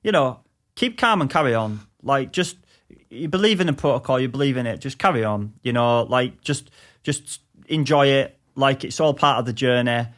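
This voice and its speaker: A man's voice: medium pitch, animated, normal speed, a bit bright. A man co-hosting a casual podcast, teasing his partner and rambling with many restarts. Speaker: podcast co-host.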